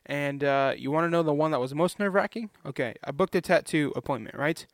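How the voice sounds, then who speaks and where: A man's voice: fairly high pitch, fairly quick, no echo, studio quality. A young man vlogging in a casual, rambling way, chatty and self-deprecating.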